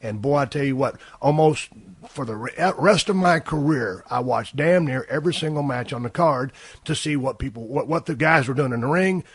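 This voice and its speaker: A man telling rough, profane, animated stories in a casual podcast chat. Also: mid-range voice, a little fast, no room sound. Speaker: podcast host. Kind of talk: casual storytelling conversation.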